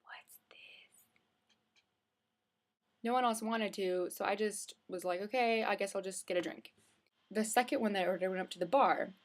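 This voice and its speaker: A woman's voice: mid-range voice, a little fast. Chatty young woman telling a story. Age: young adult. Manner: chatty, rambling, with many filler likes and restarts. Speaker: vlogger. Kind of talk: casual storytelling vlog. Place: indoors at home, with hood up.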